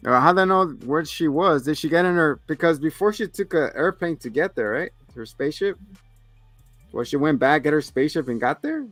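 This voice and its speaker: Male co-host, slightly higher register, animated scene-retelling; dry studio sound with faint music bed. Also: brisk, dry recording. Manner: animated retelling with quoted lines, laughs often. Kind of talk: casual movie review chat.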